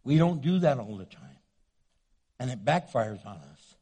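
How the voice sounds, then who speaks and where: A man preaching a sermon, animated, swinging from loud to hushed and acting out the voices he quotes. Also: medium pitch, normal speed, husky. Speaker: pastor.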